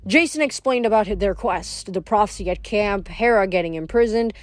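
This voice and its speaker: A woman reading chapters of a novel aloud in a steady storytelling narration. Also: mid-range voice, a little fast, dry recording. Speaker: reader.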